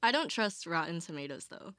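A woman's voice: fairly low pitch, expressive, a little fast, a bit bright, no echo, clean studio sound. A young woman co-hosting a casual chat, curious and full of hesitant fillers as she asks questions. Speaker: co-host.

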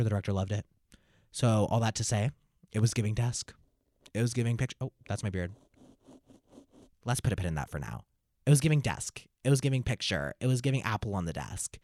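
A young man telling a comic story in a camp, dramatic way, with slow, deliberate delivery. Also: lowish voice, darkish tone, no echo, studio quality. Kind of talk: comic monologue.

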